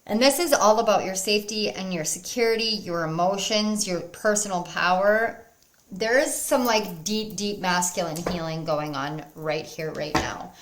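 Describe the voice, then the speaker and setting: A woman reads tarot for her viewers in a spiritual pick-a-card format, encouraging and earnest, now and then bubbling over with excitement. Her pitch is medium and her pace moderate.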